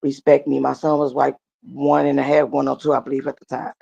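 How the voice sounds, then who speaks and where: A woman guest recounting her own story in conversation, in a halting, plain way. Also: very deep voice, flat delivery, creaky, a little mellow, husky, lo-fi sound. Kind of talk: personal testimony in conversation.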